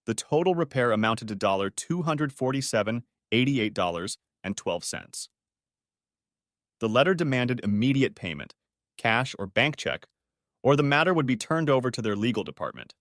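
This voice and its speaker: A man reading a first-person audiobook story in a steady storytelling manner. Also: mid-range voice, moderate pace, no echo, studio quality. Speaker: narrator. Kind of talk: scripted audiobook narration.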